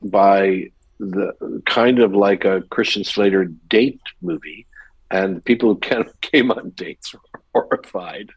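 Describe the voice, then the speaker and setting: Older man with a husky, dry voice. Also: on the low side, measured pace, no echo, low-quality recording. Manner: animated anecdote teller, mimics voices in quotes. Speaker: actor guest. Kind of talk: storytelling in a podcast interview.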